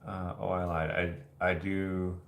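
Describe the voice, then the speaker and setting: A Canadian host with a deep voice speaks a little slowly in an echoey room during a casual livestream where he reads viewer comments. His storytelling rambles and is full of energy, and he imitates the voices of those involved.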